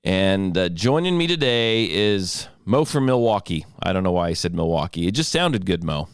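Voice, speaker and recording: A man's voice: low voice, lively intonation, normal speed, clear, resonant tone, dry recording. A man hosting his own podcast from a home studio, chatting loosely and laughing easily while he has a cold. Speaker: podcast host. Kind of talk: casual chat.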